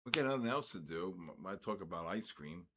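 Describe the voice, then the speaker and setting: An older man hosting a livestream, chatting casually with viewers and reacting with animated, jokingly outraged exclamations. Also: sits low, a little fast, noisy background. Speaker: livestream trading host. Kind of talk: casual chat reading viewer comments.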